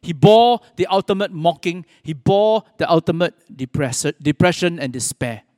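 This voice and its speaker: Male preacher, high register, earnest and measured, long hall reverb. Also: darkish tone, clean studio sound. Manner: earnest preaching with pauses, quoting scripture. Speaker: pastor. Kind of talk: sermon.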